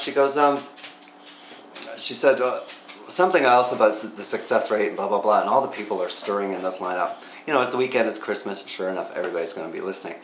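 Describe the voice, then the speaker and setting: A man chats to camera in a casual vlog, spinning anecdotes with dry, wry humor and chuckling at his own jokes. His voice sits fairly low and carries an echo from the room around him. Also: fast talker, slight background noise. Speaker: vlog host. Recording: roomy echo.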